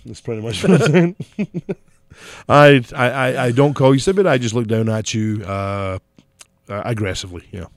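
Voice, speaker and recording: Middle-aged man, softened Scottish lilt, foul-mouthed podcast co-host. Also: medium pitch, moderate pace, dry recording, studio quality. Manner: crude, swears a lot, laughs often. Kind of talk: casual podcast banter. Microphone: studio podcast mic.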